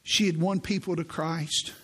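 A man in his sixties, a pastor preaching a sermon in a church, telling stories in an earnest way and slowing down for quoted prayers. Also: on the high side, steady tone, a bit bright, husky. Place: church sanctuary.

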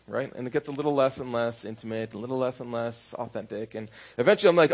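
A man's voice: mid-range voice, fast, hardly any pauses, lo-fi sound. A man preaching a sermon as pastor, conversational, building into rhythmic repeated phrases.

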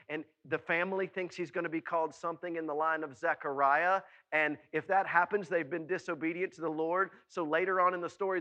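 High, bright-voiced animated preacher man. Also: highs cut off. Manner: animated, calls out to listeners; acts out voices of the people in his story. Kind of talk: sermon.

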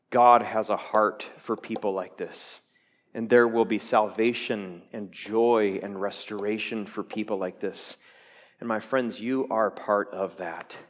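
A man preaching a sermon to his church, joking with the congregation and swinging from loud peaks to hushed lines. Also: lowish voice, big-room sound. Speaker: pastor.

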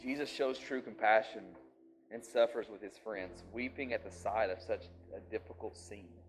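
Preacher man, hushed to fiery. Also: lowish voice, normal speed, faint music behind, rough recording. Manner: swings from hushed to loud and emphatic, asks the crowd questions. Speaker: pastor. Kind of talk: sermon.

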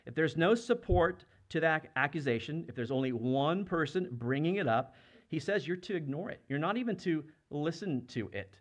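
A man's voice: a little high, animated, normal speed. A man in his thirties or younger preaching a sermon, earnest and conversational, often asking the congregation questions. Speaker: pastor.

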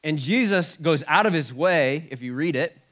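A man preaching a sermon in a church, moving from soft asides to loud exclamations. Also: on the high side, moderate pace. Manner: animated, swings from soft asides to loud shouts. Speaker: pastor.

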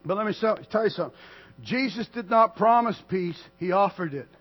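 High-voiced preaching man, muffled recording. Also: brisk. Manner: dramatic swings between loud declarations and quiet asides. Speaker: pastor. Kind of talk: sermon.

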